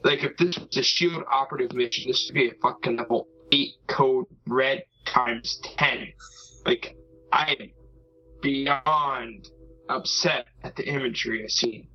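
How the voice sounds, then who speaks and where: A man's voice: medium pitch, measured pace, breathy edge. A man co-hosting a casual podcast chat, ranting dramatically and swearing freely, on a dull lo-fi mic.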